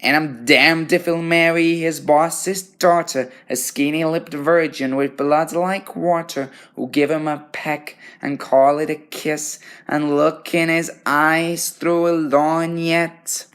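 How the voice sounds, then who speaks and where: Young man doing a defiant young woman belting a show tune, pitched up and loud. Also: fairly even intonation, slow pace, hardly any pauses, clear, resonant tone.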